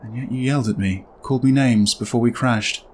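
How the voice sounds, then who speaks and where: A man reading aloud the lines of a grieving dead wife from a game, in a soft, hushed voice. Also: medium pitch, brisk, lightly acted. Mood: hushed, accusing.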